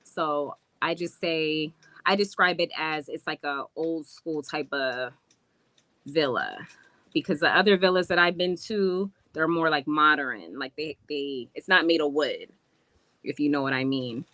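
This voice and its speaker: A woman chatting to viewers in a casual live stream while showing a rental villa, talking in a slangy, relaxed way. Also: low-pitched, a little slow, no room sound. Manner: chatty, addresses viewers, drops into slangy speech. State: out of breath from climbing stairs. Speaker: vlogger touring a rental villa.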